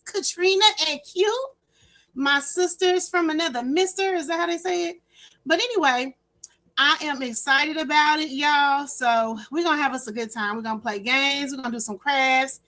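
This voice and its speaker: High-voiced chatty woman hosting a stream. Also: sharp tone. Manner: chatty, repeats words, greets chat by name. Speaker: livestream host. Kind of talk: casual livestream chat.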